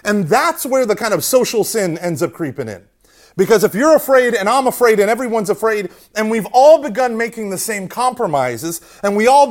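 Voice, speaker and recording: Animated man preaching with constant "right?". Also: sits high. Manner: conversational, keeps asking "right?", self-mocking humor, acts out quotes. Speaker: speaker at a Catholic youth talk. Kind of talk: animated preaching talk to an audience.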